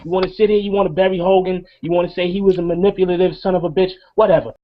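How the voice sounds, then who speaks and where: A middle-aged man with a high voice rants with emphatic, profane passion, preaching at his listeners. The sound is dull and lo-fi. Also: fairly even intonation, racing. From New York. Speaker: co-host of a wrestling review show. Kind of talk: impassioned rant.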